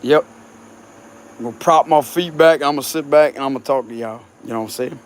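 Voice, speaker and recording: A fast-talking man with a mid-range voice and a Cajun accent comes through with a little hiss or hum. As a tarot reader, he rambles casually with supporters outdoors on a hot night, relaxed, laughing a lot and swearing freely.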